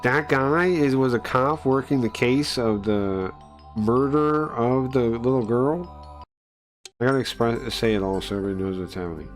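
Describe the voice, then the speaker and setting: A man casually commenting while he plays and reads through a story game, chatty and easily excited, thinking aloud with many pauses. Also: mid-range voice, soft background music. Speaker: streamer playing and reading a story game. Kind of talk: casual live-stream commentary.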